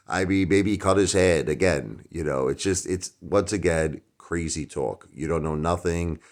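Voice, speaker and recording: A middle-aged man hosting his own channel, talking casually in a rhetorical opinion monologue that swings from loud outbursts to muttered asides. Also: low voice, normal speed. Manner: animated, rhetorical, jumps between loud and mumbled asides. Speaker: YouTube channel host.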